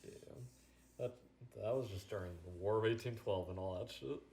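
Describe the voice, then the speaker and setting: A man's voice: fairly low pitch, normal speed, dark tone, slight background noise. A man co-hosting a podcast, chatting in an easygoing, offhand and joking way. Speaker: podcast co-host. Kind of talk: casual chat. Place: home, recording remotely.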